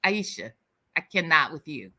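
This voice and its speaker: A woman from the US Midwest with a light Southern accent, hosting a casual livestream chat with viewers in a sassy, animated way and laughing often. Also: deep voice, moderate pace. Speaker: livestream host.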